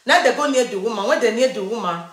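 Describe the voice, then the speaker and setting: Speaking quickly and expressively in a voice on the high side, a woman with a Nigerian Pidgin accent shares a personal family story. Her retelling is emphatic and repetitive, recorded in an echoey room.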